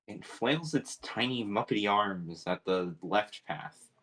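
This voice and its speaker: A man reading a webcomic aloud in a steady second-person narration. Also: fairly low pitch, slow pace, poor audio. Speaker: reader.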